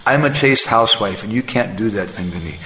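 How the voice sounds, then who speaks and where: A man speaking as a devoted, chaste housewife, with a soft but steady manner, in an echoey hall. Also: on the low side, brisk, slight background noise. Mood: firm. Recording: echoey hall, faint ambience.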